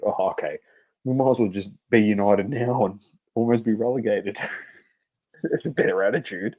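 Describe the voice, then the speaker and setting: Male podcast co-host, low warm voice, blunt swearing football banter. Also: moderate pace, long pauses, highs cut off. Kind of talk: casual sports chat.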